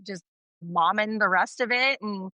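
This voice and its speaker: A woman in her thirties from California, a podcast guest chatting casually and telling animated stories with acted-out quotes. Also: medium pitch, a little slow, no room sound. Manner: animated storyteller, acting out quotes.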